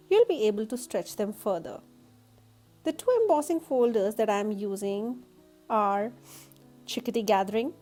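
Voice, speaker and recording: A woman with a husky, nasal voice from allergies, explaining a card-making technique step by step in a voice-over tutorial. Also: medium pitch, a little mellow.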